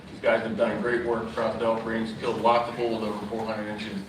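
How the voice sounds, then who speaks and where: A man's voice: lowish voice, level tone, a little fast. A man emceeing a live event, rattling off prize details in a salesy way. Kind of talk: live promotional announcing. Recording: echoey, distant mic, background noise.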